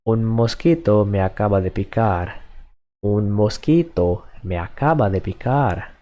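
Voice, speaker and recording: Slow, low-voiced male language teacher. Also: warm tone, highs cut off. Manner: repeats each phrase several times, patient and measured. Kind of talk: slow, repetitive lesson drills.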